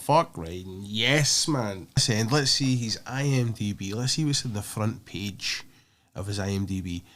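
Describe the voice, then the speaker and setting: Enthusiastic sweary man. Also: medium pitch. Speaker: podcast host. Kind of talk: casual chat about films.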